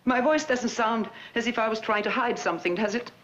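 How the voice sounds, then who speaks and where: An actress playing a woman feigning calm on the phone. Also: a little high, a little hiss or hum, close to an everyday voice. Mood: strained. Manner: halting, falters and restarts, soft-spoken. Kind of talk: dramatic monologue, one side of a phone call. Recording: dull lo-fi recording.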